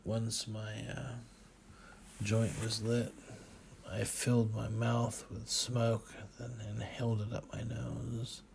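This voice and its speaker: Man narrating an audiobook in first person; lowish voice, slow and measured. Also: level tone, gravelly, background noise.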